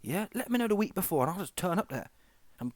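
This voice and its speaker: Brief: man putting on a cocky middle-aged boxing promoter, a taunting challenger, raised pitch, dry and close. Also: very animated, quick pace, dry recording. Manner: taunting, challenging, keeps asking "yeah?".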